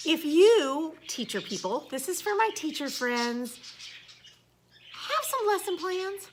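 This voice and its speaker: A woman's voice: high voice, sing-song, takes it slowly, noisy background. A woman teacher, ranting casually in a blunt, sarcastic way and swearing now and then.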